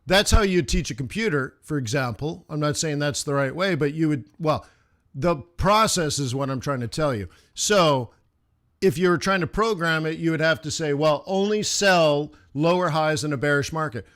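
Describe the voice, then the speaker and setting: A man with a slightly high voice, teaching a live trading session. He talks straight to his viewers in a casual way and fires off quick questions. He often chants price moves in short rhythmic bursts. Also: a bit bright. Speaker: forex trading instructor.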